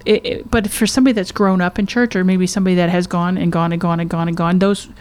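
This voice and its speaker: A woman's voice: on the low side, little pitch movement, quick pace, darkish tone, smooth. Earnest woman podcast co-host. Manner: earnest, restarts often, reads story aloud. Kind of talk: casual faith podcast chat.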